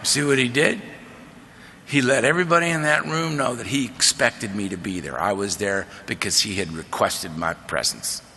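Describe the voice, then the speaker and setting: A man telling his story from a podium in a big convention hall, his voice bright and edged with a gravelly fry. His delivery is animated and conversational, and a long reverb trails behind his words. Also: fairly low pitch, moderate pace, a little hiss or hum. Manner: animated, conversational, drawling asides of "man" and "right?". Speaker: AA convention speaker. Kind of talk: storytelling recovery talk.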